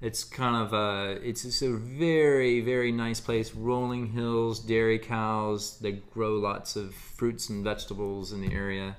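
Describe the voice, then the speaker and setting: A man's voice: on the low side, little pitch movement, a little slow, hardly any pauses. A man hosting a casual photo critique, talking in a laid-back, rambling, jokey way. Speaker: photography show host.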